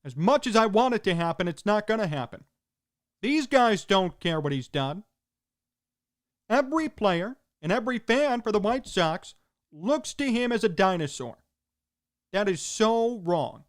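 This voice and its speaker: A man's voice: sits high, big pitch swings, a little slow. A man hosting a sports talk show, delivering an emphatic opinion monologue in punchy, repeated short sentences.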